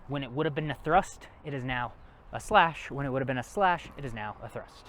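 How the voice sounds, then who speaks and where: A man's voice: mid-range voice, brisk, a bit bright, a little hiss or hum. A man teaching a martial arts class, counting reps aloud and explaining moves in a casual coaching way. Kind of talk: workout class instruction.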